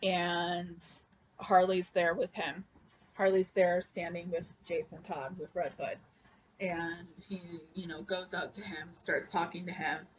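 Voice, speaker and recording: Woman comic reviewer, loose and chatty, drawn-out delivery, plenty of "um" and "like". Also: lowish voice, steady tone, slight background noise. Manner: chatty and loose, with many fillers and restarts. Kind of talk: casual comic recap.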